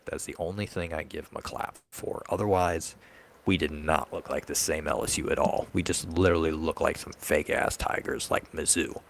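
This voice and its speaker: Man, very deep, gravelly, heated sports rant. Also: fairly even intonation, moderate pace, slight background noise. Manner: heated, ranting fan. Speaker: podcast co-host. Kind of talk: casual sports chat.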